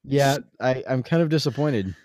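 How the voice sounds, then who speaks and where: A man co-hosting a casual podcast, reading dad jokes aloud in a halting, wry way. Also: medium pitch, a little mellow, dry recording, clean studio sound. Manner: halting, self-interrupting, wry. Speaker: podcast co-host.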